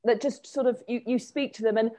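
A woman hosting a casual chat, animated and quick to laugh, talking in rambling restarts. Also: fairly high pitch. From England.

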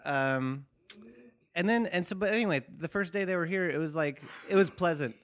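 A man's voice: on the high side, moderate pace, a bit bright. A man co-hosting a podcast, chatting casually in a rambling way, with many fillers and dry, sarcastic asides. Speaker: podcast co-host. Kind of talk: casual chat.

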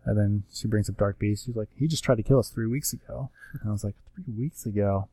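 A man casually recapping a comic book issue, rambling with lots of fillers and quick acted-out quotes of the characters. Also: lowish voice, dark tone, breathy edge, no echo. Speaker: comics podcast co-host. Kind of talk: casual chat.

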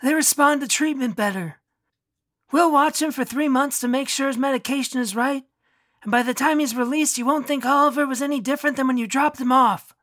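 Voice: sits high, a little fast, a bit bright, no room sound, studio quality, pitched above the performer's own voice. Narrator doing a breezy, reassuring doctor. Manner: matter-of-fact, brushes off doubts. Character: calm male doctor, smoothly reassuring.

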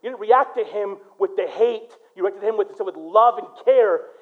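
A male pastor from Michigan preaching a sermon, swinging between loud, punchy lines and quiet storytelling. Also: high voice, moderate pace, phone-quality sound.

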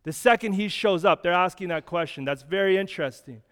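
A man's voice: high voice, fairly quick, fairly bright tone, long reverb tail. A man preaching a sermon as a pastor, explaining scripture in a conversational way with frequent restarts.

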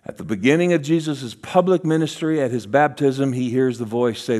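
A man preaching a sermon as a guest speaker, acting out voices in his stories and dropping to a hush for key lines. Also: mid-range voice, moderate pace. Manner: animated, acts out voices in quotes, drops to a hush for key lines.

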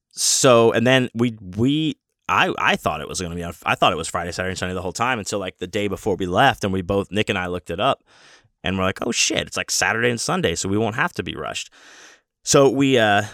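A man's voice: on the low side, fairly bright tone, clear, resonant tone, no room sound, studio quality. A man telling a rambling, profane story in a casual way, with many restarts. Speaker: convention guest.

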